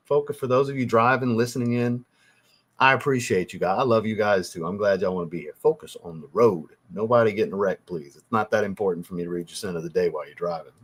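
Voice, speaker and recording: A man's voice: on the low side, husky. A man hosting a casual livestream, reading out viewer chat and answering in a teasing, blunt way with casual swearing.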